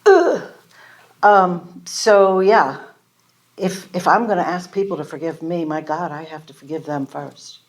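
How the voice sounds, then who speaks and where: A woman's voice: lowish voice, fairly even intonation, measured pace. A woman giving a candid, self-deprecating personal recovery testimony to a live audience in a meeting room, telling her story and acting out the conversations in it.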